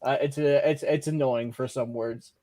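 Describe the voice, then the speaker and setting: A man hosting a live-streamed show, reading out chat messages and giving loose, joking shout-outs. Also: medium pitch, fairly even intonation, moderate pace. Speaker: podcast host.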